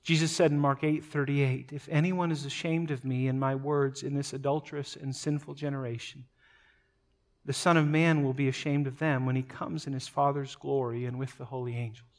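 A man preaching a sermon, retelling a scripture story dramatically, moving between loud emphatic passages and quiet low asides, often repeating words as he goes. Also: little pitch movement, normal speed. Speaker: pastor.

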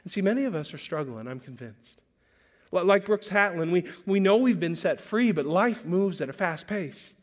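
High-voiced man preaching a sermon. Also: expressive, normal speed. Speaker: pastor.

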